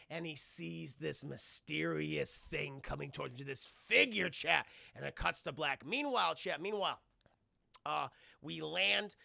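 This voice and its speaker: Gravelly, bright-voiced male streamer. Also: a little high, no echo, studio quality. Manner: rambling, profane, keeps addressing chat. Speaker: cartoon reviewer streaming to chat. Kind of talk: casual live-stream recap.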